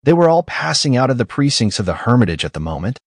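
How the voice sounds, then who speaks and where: A man reads a classic novel aloud in an expressive, measured manner. His voice is husky, with lively pitch movement, and sounds dry and close. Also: no echo. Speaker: audiobook narrator. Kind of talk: scripted narration.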